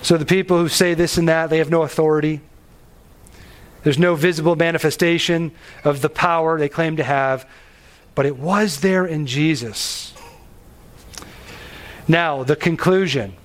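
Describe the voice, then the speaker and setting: A man preaching a sermon on a Bible passage, animated and emphatic, pushing his voice up on key phrases. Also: fairly high pitch, normal speed. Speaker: pastor.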